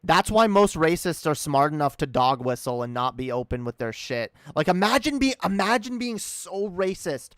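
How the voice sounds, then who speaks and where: A man's voice: a little high, very animated, normal speed, hardly any pauses, a bit bright, dry recording, clean studio sound. A man giving casual, profane reaction commentary on a video, incredulous and rambling. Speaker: commentary streamer.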